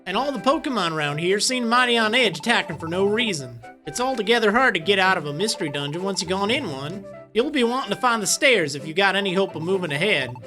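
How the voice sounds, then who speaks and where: A woman's voice: medium pitch, lively intonation, fast talker, music in the background, natural voice. A woman voicing a folksy, country-talking male leaf creature who acts as a helpful guide in a game, with a drawling, homespun manner. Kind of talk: reading game dialogue aloud.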